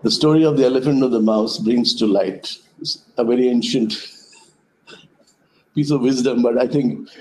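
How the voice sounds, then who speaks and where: A man speaks at an even middle pitch with a soft, mellow tone. He gives a reflective talk over a web call. He unfolds his ideas slowly through stories and metaphors. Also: a little hiss or hum, rough recording. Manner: thoughtful storyteller, speaks in metaphors. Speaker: conference speaker. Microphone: web conference call.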